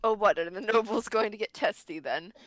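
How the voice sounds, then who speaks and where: A woman's voice: mid-range voice, fairly quick, fairly bright tone, slight background noise. A woman playing her character in a tabletop game, speaking in a dry, teasing way. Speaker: player voicing a character. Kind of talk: in-character tabletop role-play.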